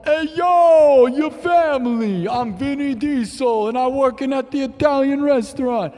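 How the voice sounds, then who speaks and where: A man doing an impression of a famous actor as a brash Italian-American restaurant worker with a loud, swaggering greeting. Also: extremely high pitch, measured pace, big-room sound, pitched above the performer's own voice.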